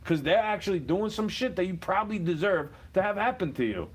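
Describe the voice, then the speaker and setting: Man ranting, somewhat high voice. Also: expressive, a little fast, hardly any pauses. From United States. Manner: combative, swings from muttering to shouting. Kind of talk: profane ranting monologue.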